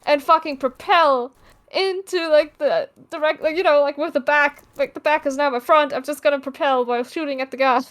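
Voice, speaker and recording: A woman playing a tabletop role-playing game, excitable and flustered as she explains her moves. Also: high-pitched, a little fast, few pauses. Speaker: player.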